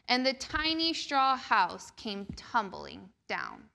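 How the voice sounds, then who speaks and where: A woman reading a picture book aloud to children during a church service, slow and expressive. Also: on the high side, gravelly. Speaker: children's storyteller.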